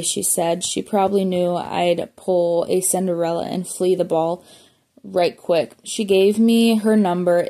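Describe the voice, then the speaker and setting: A woman's voice: fairly low pitch, steady tone, unhurried, warm tone. A woman reading a memoir aloud as an audiobook, plainly, with small slips and self-corrections. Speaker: audiobook reader.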